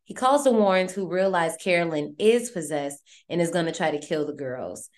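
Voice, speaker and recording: Lively, slangy podcast host woman, low-pitched. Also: moderate pace. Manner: animated, slangy and profane. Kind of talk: casual horror movie recap.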